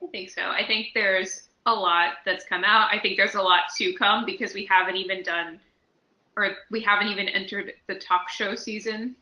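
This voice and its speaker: Bright-voiced woman in an echoey room. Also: medium pitch, normal speed. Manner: animated, playful storytelling. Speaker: podcast co-host. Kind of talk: casual podcast chat.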